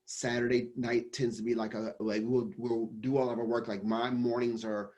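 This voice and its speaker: A business coach talks casually in an interview, rambling and restarting his sentences. He is a man with an ordinary middle pitch. His talk is relaxed and loose. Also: normal speed, highs cut off. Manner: rambling, many restarts and fillers. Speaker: business coach and company founder.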